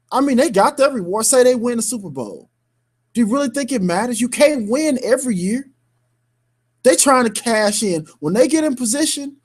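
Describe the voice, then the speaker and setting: A man's voice: extremely high pitch, darkish tone, breathy edge. A man co-hosting a sports radio show, ranting heatedly in slang-filled talk with bursts of laughter.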